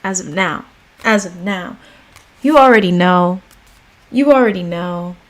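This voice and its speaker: American lady on a livestream, super unhurried, chatty and easygoing. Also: on the low side. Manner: relaxed, chatty, slow and drawn out. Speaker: livestream host. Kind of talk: casual livestream chat and reading aloud.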